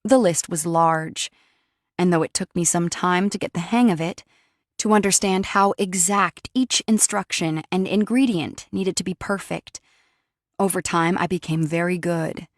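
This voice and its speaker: Lowish woman narrating a romance. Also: fairly even intonation, unhurried, dry recording, studio quality. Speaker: audiobook narrator. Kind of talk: first-person romance audiobook narration.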